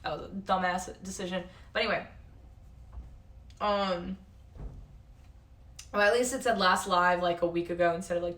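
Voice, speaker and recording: A woman's voice: lowish voice, steady tone, moderate pace, pauses often, a bit bright, far from the mic. A young woman chatting casually on a live stream from a hotel room. She rambles, swears freely and jumps between tangents. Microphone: facecam at a distance. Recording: echoey room, voice off-mic.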